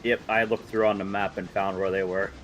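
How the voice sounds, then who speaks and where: A man's voice: low voice, flat delivery, a little fast, fairly bright tone, highs cut off. A man playing along in a game stream, chatting matter-of-factly and asking plain questions. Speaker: co-player. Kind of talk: casual game chat. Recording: faint background music.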